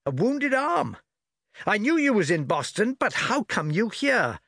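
Booming old admiral read by a man, blustering, exclamatory, raised pitch. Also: sing-song, measured pace, gravelly, pushed and bright, breathy edge, dry recording, clean studio sound, exaggerated voice. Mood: hearty. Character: bluff hearty older male port admiral.

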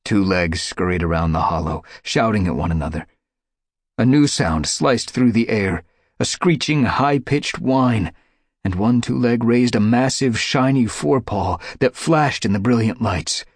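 A man narrating an audiobook in a dramatic, measured way. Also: on the low side, animated, no echo, clean studio sound. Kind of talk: scripted narration.

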